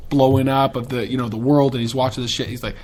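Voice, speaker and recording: A man's voice: medium pitch, flat delivery, fast talker, darkish tone, a little hiss or hum. A man hosting a podcast in a casual, rambling and profane way, with enthusiastic tangents. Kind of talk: casual chat.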